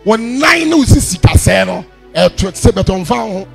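A man with a Ghanaian accent preaching a sermon in a sing-song style, swinging from shouts to murmurs. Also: high voice, lively intonation, measured pace, creaky, faint music behind.

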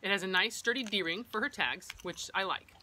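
A woman's voice: mid-range voice, normal speed, bright, forceful tone, slight background noise. A middle-aged woman who trains service dogs, explaining equipment in a practical, personal vlog style. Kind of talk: instructional vlog.

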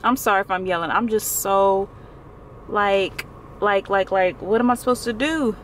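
Excitable young woman vlogging from her car. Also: mid-range voice, a little hiss or hum. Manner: gasping, exclaiming, talking fast and excitedly. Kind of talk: excited casual vlog. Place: in a parked car. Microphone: phone camera held close.

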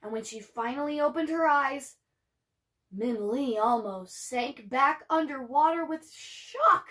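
A woman teacher reads a children's novel aloud with lively expression, her voice sitting a little high. She breaks off now and then for chatty asides to her students. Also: takes it slowly.

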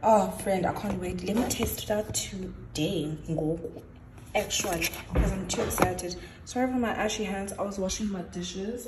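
A young woman chats easily to her phone camera late at night. Her voice sits a little low, and it bounces around a hard room over a steady hiss of background noise. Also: echoey room. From South Africa. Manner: chatty, relaxed, laughs easily. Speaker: vlogger. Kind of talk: casual vlog chat to camera. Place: at home at night.

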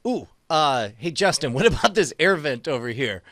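Stammering high-voiced man playing a game. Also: big pitch swings, normal speed, a bit bright, no echo. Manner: stammering, hesitant. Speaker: player.

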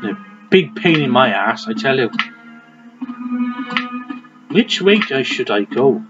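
A man's voice: medium pitch, sing-song, slow. A man giving crude, joking let's play commentary and talking to the game's character. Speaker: gaming commentator. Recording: dull lo-fi mic with game music. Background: game music.

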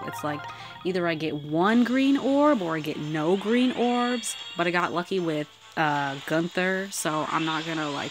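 A woman giving casual commentary while pulling characters in a mobile game, excitable and swearing freely, swinging from squeals to mutters. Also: fairly low pitch. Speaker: mobile game summoning vlogger.

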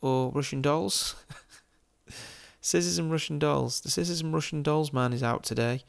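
A man's voice: on the high side, normal speed, vocal fry. An Englishman giving casual, amused commentary as he tours a city virtually, chatting and laughing often with jokey asides. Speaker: football game YouTuber. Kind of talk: casual commentary over a virtual street tour.

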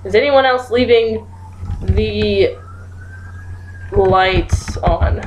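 Slow, giggly woman playing a game. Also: medium pitch, a little hiss or hum. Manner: giggly, thinks aloud while typing guesses. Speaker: gaming YouTuber. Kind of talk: casual gameplay commentary.

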